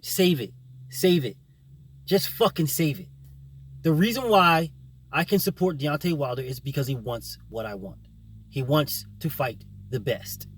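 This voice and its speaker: A man's voice: on the high side, slightly rough. A man hosting his own boxing channel, delivering a combative, profane opinion rant full of repetition.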